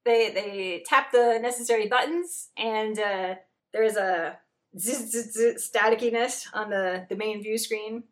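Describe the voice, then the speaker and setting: A woman's voice: mid-range voice, measured pace. A woman narrating as game master, chatty and joking. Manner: chatty, jokey, lots of fillers.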